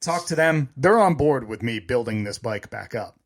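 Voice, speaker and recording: A middle-aged man trades banter as a podcast co-host, cracking up at his own jokes as he talks. His voice sits at an ordinary pitch for a man. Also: animated, normal speed. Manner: jokey, laughs often while talking. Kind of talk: casual chat.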